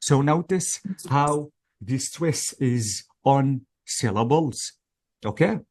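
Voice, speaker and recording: A man's voice: medium pitch, expressive, slow pace, a little mellow. Hesitant man teaching an exam lesson. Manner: patient, step-by-step explaining, many hesitations and check-ins. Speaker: English test-prep teacher. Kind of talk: explanatory lesson for exam practice.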